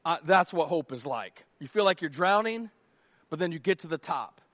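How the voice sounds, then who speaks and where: A man preaching a sermon as pastor, telling stories with animated delivery and rhetorical questions to the congregation. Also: a little high, moderate pace, no echo.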